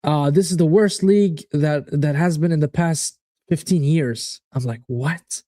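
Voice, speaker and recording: A man's voice: fairly high pitch, normal speed, dry recording. A man hosting a live football watchalong, chatting casually, swearing and reacting to viewers' predictions. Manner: animated, swearing, reads out chat predictions. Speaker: watchalong host.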